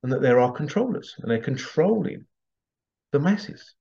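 A man's voice: mid-range voice, big pitch swings, moderate pace, gravelly, warm tone. Rambling man with a dull lo-fi sound. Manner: rambling, chuckling, acts out bits in funny voices. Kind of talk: casual monologue. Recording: slightly dull lo-fi audio.

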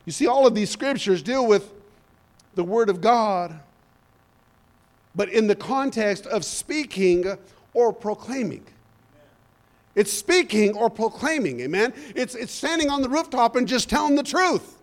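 High-voiced preacher man calling out "amen?". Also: unhurried. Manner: animated storytelling, rising to shouts; frequent "amen?" and "hallelujah". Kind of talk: sermon.

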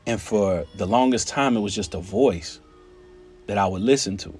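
A man telling a personal story in an animated, conversational way, often turning to his listeners with "right?" and "y'all". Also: on the low side, moderate pace, breathy edge, faint music behind.

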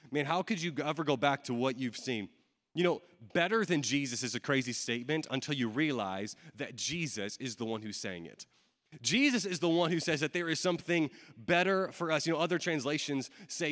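A pastor delivers a sermon in a relaxed, conversational way, often circling back with fillers and repeated phrases. His voice sits a little high for a man. The room rings with a long, lingering reverb. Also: fairly quick. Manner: casual, conversational preaching with many fillers. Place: church hall with audience.

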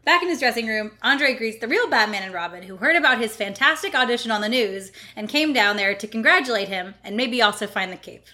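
A woman's voice: a little high, animated, brisk, few pauses, pushed and bright. A woman co-hosting a podcast, recapping a comic in casual chat and teasing her co-host. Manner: playful, teasing, breaks into laughter.

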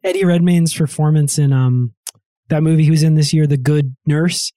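A man's voice: a little high, steady tone, moderate pace, dark tone, no room sound. Male podcast host, loose and rambling, in a dry, close sound. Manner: rambling, full of fillers and restarts. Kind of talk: casual comedic chat.

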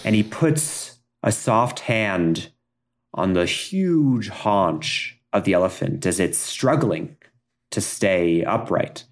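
A man narrating a spooky improvised tale in a very low voice. He speaks slowly and deliberately, drawing out the quiet moments. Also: animated. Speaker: co-narrator of a story podcast. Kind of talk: improvised storytelling.

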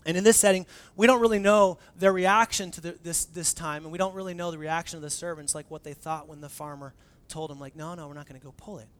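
A young adult man preaching a sermon as pastor in a conversational, animated way, acting out the dialogue he quotes. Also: on the high side, a little fast, few pauses, clear, resonant tone.

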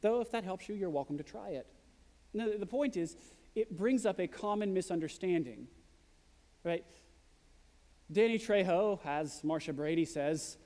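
A pastor delivers his sermon in a high, bright-pitched voice, earnest and direct, easing into humorous asides now and then. His words ring out into a large hall that carries a long reverberation behind him. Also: expressive, normal speed.

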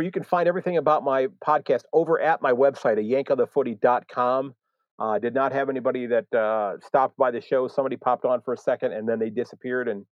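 A man's voice: medium pitch, no room sound, muffled recording. American man hosting a rambling podcast. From United States. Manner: rambling, many fillers and restarts. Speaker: podcast host. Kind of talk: live podcast monologue.

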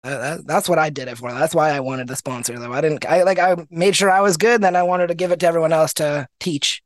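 High-voiced young Canadian man telling stories. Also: fast, no room sound. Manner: animated storyteller, acts out quoted people. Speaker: guest. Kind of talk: casual interview chat.

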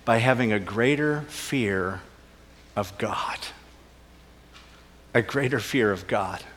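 A man preaching a sermon with earnest emphasis, his voice rising on key points and dropping to soft, low asides. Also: slow, big-room sound. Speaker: pastor.

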